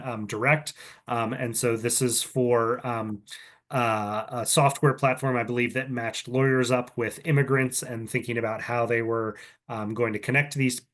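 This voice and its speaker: A man's voice: medium pitch, a bit bright. Man casually explaining slides, lots of ums. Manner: casual, filler-heavy, conversational explaining with frequent ums. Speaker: competition organizer presenting to student entrants. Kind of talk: recorded online presentation. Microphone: computer mic on a video call.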